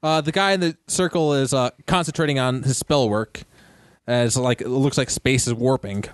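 A man at a mid pitch runs a tabletop game for his friends. He describes the scene haltingly, with many fillers and restarts. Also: dry recording, clean studio sound. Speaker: game master.

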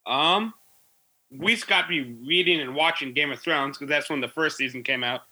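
Bright-voiced man telling army stories. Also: a little high, normal speed, rough recording. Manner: rambling storytelling with fillers. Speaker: army veteran guest. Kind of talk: casual podcast chat.

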